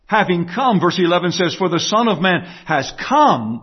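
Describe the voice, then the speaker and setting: A man preaching a sermon to his congregation, emphatic, moving from quiet, low passages to raised ones. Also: big pitch swings, moderate pace, few pauses, husky. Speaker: pastor. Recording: dull lo-fi sound.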